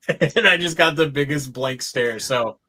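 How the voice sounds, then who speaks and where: A middle-aged man co-hosting a live stream, telling a story in relaxed casual chat and chuckling as he talks. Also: fairly high pitch, unhurried, husky.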